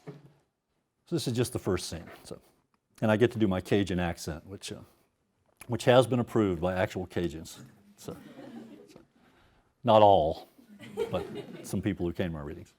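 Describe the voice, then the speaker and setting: A man's voice: sits low, normal speed, pauses often, darkish tone. A man telling a casual, profane anecdote and reading his fiction aloud to an audience. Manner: casual, profane and self-mocking, laughs at his own stories.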